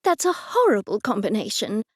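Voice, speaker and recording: A woman's voice: medium pitch, big pitch swings, normal speed, breathy edge, dry recording, studio quality. A woman voicing a bossy, fussing older aunt in an audiobook.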